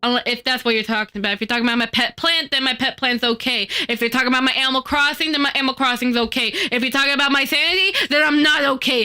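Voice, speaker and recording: A woman's voice: high voice, steady tone, rapid-fire, hardly any pauses, pushed and bright, clear, resonant tone. A woman streamer chatting casually with her live chat as she works, teasing and mock-indignant in her banter.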